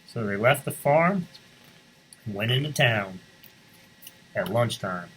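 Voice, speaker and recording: A man whose voice sits on the low side reads a picture book aloud for the school's morning announcements, explaining things to the children as he goes. The reading is expressive, and the rough recording has a slight hiss or hum.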